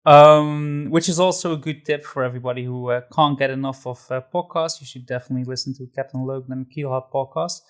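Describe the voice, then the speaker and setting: A man's voice: medium pitch, fairly even intonation, quick pace, hardly any pauses, smooth. A man hosting a podcast, introducing the episode and guest in a loose, friendly way with fillers. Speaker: podcast host.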